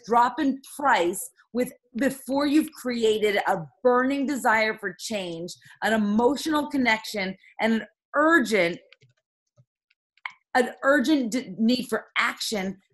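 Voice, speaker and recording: Fired-up woman with a high voice. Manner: emphatic and heated, quick rhetorical questions. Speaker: team leader coaching her sales team. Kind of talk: motivational team call.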